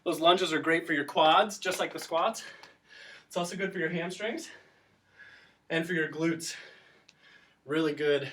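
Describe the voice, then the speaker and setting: A male teacher with a somewhat high, slightly bright voice leads a class workout as a kid-friendly instructor in an instructional exercise video. He encourages everyone, counts down reps, and explains while exercising, breathing heavier and a little out of breath. The mic sits at a distance.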